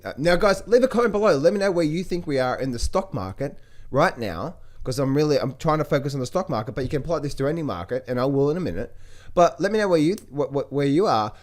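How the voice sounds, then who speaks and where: A man talking casually about markets to viewers, animated, repeating words and mimicking other people's voices. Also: medium pitch. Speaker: trading educator. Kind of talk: casual market commentary to camera.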